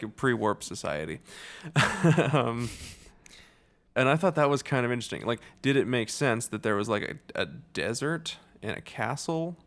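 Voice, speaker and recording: Man, podcast co-host, casual chat, rambling, mid-pitched, jokey. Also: fairly bright tone, smooth. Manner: rambling, filler-heavy, jokey.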